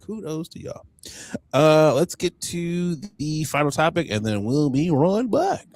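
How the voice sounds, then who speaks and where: A man's voice: a little high, expressive, unhurried, a little mellow. A man co-hosting a casual podcast, joking and laughing often as he talks. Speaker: podcast co-host.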